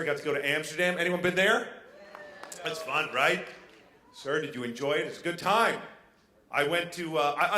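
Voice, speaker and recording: A brash male stand-up comic with a fairly high, bright, punchy voice, talking into a handheld mic. The sound is echoey, as from a big showroom, with a faint room ambience underneath. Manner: brash, animated, jumping into quick voices. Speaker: stand-up comedian. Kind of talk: stand-up comedy set. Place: casino showroom stage.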